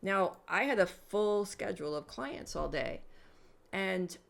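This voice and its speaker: A woman guest on a podcast telling a personal story in a casual, animated way, acting out quoted dialogue and using plenty of filler words. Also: mid-range voice, slow, vocal fry. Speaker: podcast guest, mentor and hypnotherapist.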